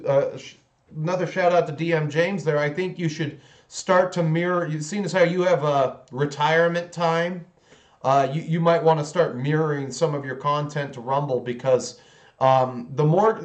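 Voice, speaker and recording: A man hosts a hobby livestream in loose, casual chat. His voice sits a little high for a man. He rambles and restarts his sentences, and he speaks bluntly. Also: dull audio. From United States. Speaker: hobby channel host.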